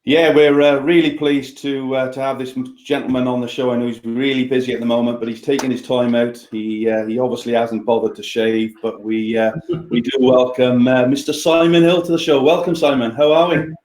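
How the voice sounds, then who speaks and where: A man's voice: medium pitch, little pitch movement, fairly quick, hardly any pauses, a little mellow, echoey room. Welsh man hosting a podcast. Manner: hesitant, many fillers. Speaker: podcast co-host. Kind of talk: casual podcast interview.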